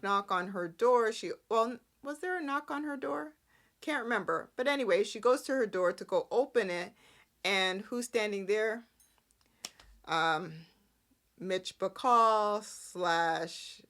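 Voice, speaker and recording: A woman's voice: mid-range voice, lively intonation, measured pace, fairly bright tone. A woman hosting a soap opera recap podcast, chatty and opinionated, rambling through the plot with asides. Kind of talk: casual recap chat.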